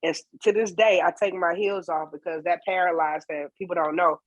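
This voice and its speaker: A woman guest on a casual podcast interview, a singer and percussionist telling stories in a lively way. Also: fairly low pitch, brisk, dry recording, highs cut off. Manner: lively storyteller, acts out dialogue.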